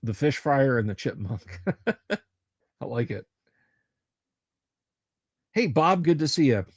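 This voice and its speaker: A man's voice: medium pitch, very animated, slow pace, husky, dry recording, studio quality. A man hosting a casual livestream, chatting in a rambling, self-interrupting way and reacting to viewer comments as he goes. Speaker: livestream host.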